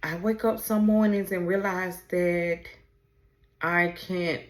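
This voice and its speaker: Slow, low-voiced woman, tearful and halting. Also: steady tone. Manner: halting, emotional, fighting back tears. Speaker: podcast host. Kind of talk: personal podcast talk on camera. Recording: roomy echo.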